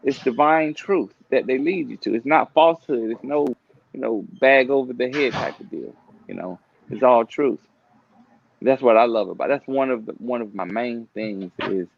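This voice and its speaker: A man's voice: medium pitch, vocal fry. A male host in a casual chat, talking loosely with lots of filler and frank swearing. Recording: dull lo-fi recording.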